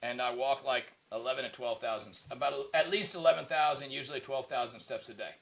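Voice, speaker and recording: A man's voice: mid-range voice, fast talker, creaky. A man co-hosting a podcast in casual chat, rambling with lots of "you know, right?" fillers. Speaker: podcast co-host.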